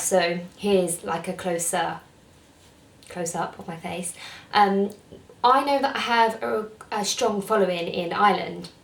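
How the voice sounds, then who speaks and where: A woman's voice: mid-range voice, distant mic. A young woman talking casually to camera as a vlogger, chatty and rambling, with lots of fillers. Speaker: beauty vlogger. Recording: roomy sound, mic set back.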